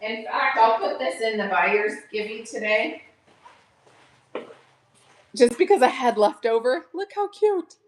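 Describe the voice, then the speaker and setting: A woman hosting a casual live sale from home, chatting warmly and gushing over each item. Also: on the high side. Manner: chatty, gushing, addresses viewers as "you guys". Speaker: online live-sale seller. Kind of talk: casual live-stream selling chat.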